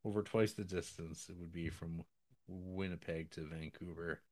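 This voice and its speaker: Low-voiced man, rambling film recap. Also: steady tone, a little mellow. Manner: rambling, halting with restarts and fillers. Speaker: podcast co-host. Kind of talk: casual chat recapping a film.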